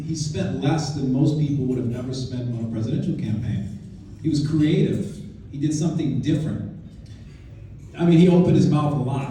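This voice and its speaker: A man's voice: on the high side, dark tone, recorded from a distance, a little hiss or hum. A man giving an informal speech to a political club, conversational and emphatic, often restarting his sentences. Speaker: guest speaker at a political club. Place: meeting room at a club event. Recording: very echoey room, voice from afar.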